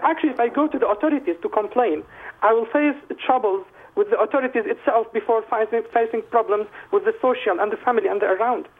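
A man, a guest calling in by phone, speaking haltingly and repeating words as he searches for them. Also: high voice, husky. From Syria. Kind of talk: phone interview. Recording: tinny phone line.

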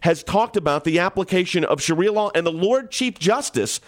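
A man's voice: high-pitched, lively intonation, normal speed. A man hosting a radio call-in talk show, making urgent, emphatic appeals to his listeners.

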